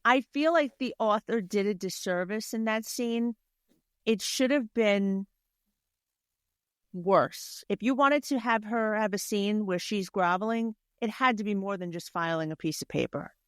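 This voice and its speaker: A woman's voice: mid-range voice, a little slow, clear, resonant tone, no room sound, clean studio sound. A woman co-hosting a podcast, giving blunt, opinionated takes on a book in casual chat and swearing freely. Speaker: podcast co-host.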